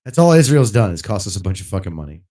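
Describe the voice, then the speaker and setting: A man ranting casually and bluntly while streaming a game, swearing often and getting louder when worked up. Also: low-pitched, big pitch swings, quick pace. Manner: blunt and profane, rising loud when worked up. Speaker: gaming livestreamer.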